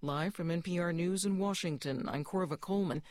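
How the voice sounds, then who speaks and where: A man reads the hourly news as a newscaster in a measured, even manner. His voice sits slightly high and the studio sound is dry and close. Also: dry recording. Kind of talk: news reading.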